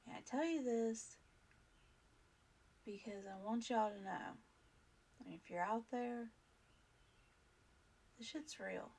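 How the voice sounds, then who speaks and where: Gravelly-voiced woman telling a personal story. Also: a little high, slow pace, long pauses, darkish tone. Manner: earnest, rambling, many fillers and restarts. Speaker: vlog host.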